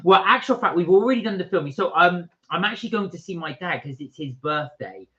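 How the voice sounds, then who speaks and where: A man's voice: high-pitched, expressive, fairly quick, sharp tone, dull audio. A man co-hosting a casual live stream from England, chatting and reading viewer comments aloud.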